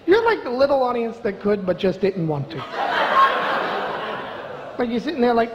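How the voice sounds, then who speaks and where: On a comedy club stage in front of a live crowd, a middle-aged man does a brash, profane, mock-outraged stand-up set in a very high-pitched, very animated voice at normal speed. The sound is lo-fi with background noise, in a reverberant room with audible ambience.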